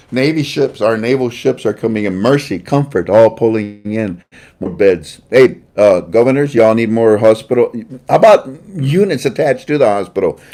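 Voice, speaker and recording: A ranting man hosting an online talk show, his voice swooping from low mutters to loud jabs. The tone is dark and mellow, and he scoffs and chuckles at the people he mocks. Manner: heated, mocking, laughs at his own jabs. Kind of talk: ranting political commentary.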